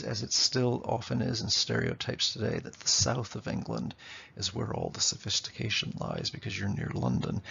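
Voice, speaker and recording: A man's voice: medium pitch, gravelly, fairly bright tone, breathy edge, dull audio. A man teaching literature in a lecture, explaining and tapping out rhythms aloud, often checking in with "okay?". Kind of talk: classroom lecture.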